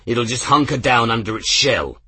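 A man playing a gruff old commodore. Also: mid-range voice, animated, normal speed, sharp tone, dry recording, full character voice. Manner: grunting, blunt.

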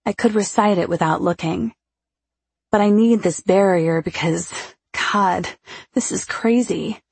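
A woman narrating a first-person audiobook in a hushed, intimate, lingering way. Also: mid-range voice, a little slow, creaky, husky, no room sound.

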